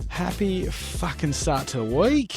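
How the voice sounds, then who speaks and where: A man's voice: a little high, measured pace, gravelly, music in the background. A man co-hosting a sports podcast, swearing and joking wryly, reading out spoof headlines. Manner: swearing, wry and deadpan. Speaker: podcast co-host. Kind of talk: casual chat, reading comic fake news.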